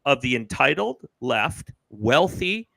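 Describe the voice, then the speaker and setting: A man's voice: mid-range voice, very animated, slow pace, vocal fry, a bit bright, dry recording, rough recording. A man from Canada hosting a political livestream, ranting sarcastically over a webcam mic. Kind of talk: political commentary rant.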